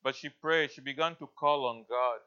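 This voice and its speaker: A male pastor preaching a sermon in an earnest, halting way, often restarting his sentences. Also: mid-range voice, pushed and bright, smooth. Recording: dull lo-fi recording.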